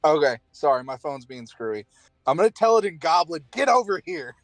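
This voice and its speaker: A man's voice: fairly high pitch, lively intonation, brisk, dry recording. A man playing a tabletop game over a call, casual and cursing freely. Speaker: player.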